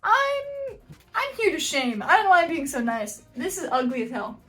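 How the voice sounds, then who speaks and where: High-voiced woman reacting with exclamations. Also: very animated, moderate pace, pushed and bright, faint music behind. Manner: exclaiming, blunt and joking. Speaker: YouTube host reacting to house listings. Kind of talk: casual reaction commentary.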